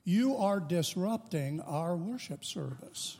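A stern church usher rebuking someone in slow, clipped words, as a preacher plays him. The high voice sits in the reverb of a church hall. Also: male voice, lively intonation, darkish tone, slightly rough, exaggerated voice. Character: stern male church usher, firm and dry.

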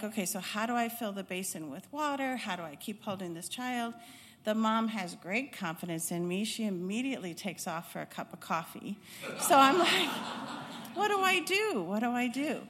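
A middle-aged woman from Chicago, a former pediatric nurse and instructor, tells her life story in a reflective, unhurried way, often pausing with hesitations. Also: medium pitch. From Chicago, United States. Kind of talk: personal life-story talk. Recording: long hall reverb.

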